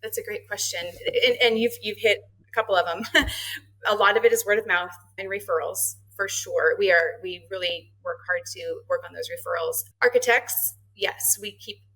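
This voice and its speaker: A middle-aged woman speaking as a guest in a casual interview. She tells her story in an animated way, slips into the voices of the people she quotes and laughs easily. Her voice sits in an ordinary middle pitch for a woman. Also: moderate pace, low-quality recording. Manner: animated, acts out quoted dialogue, laughs often. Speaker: marketing and HR head, podcast guest.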